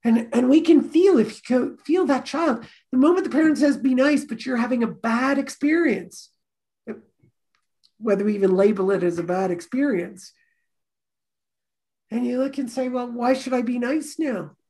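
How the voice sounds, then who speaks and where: Woman, course teacher, gravelly voice, storytelling delivery. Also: fairly high pitch, moderate pace, long pauses, dark tone. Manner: storytelling, acts out quoted voices. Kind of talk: teaching a class talk.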